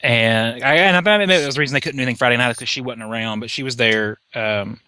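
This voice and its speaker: A man rambling in casual podcast chat, halting and restarting as he recalls a convention. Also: medium pitch, pushed and bright, clean tone, dry recording, clean studio sound.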